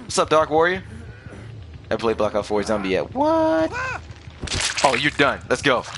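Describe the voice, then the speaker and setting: Excitable man trash-talking over gameplay. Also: medium pitch, moderate pace, over music. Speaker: gaming channel host. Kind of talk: live gameplay commentary.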